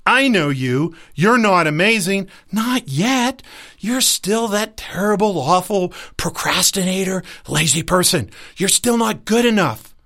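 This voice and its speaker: A man's voice: high-pitched, animated, measured pace, creaky, a bit bright, exaggerated voice. A man voicing a scolding inner ego that urgently warns the listener to go back. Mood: alarmed scolding.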